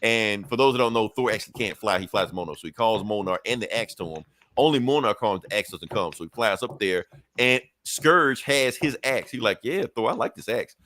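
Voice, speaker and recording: Animated man recapping comics, dry close mic. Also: on the low side, no room sound. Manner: animated, acts out characters' lines in quick asides, swears freely. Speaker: podcast host. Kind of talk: casual comic book recap.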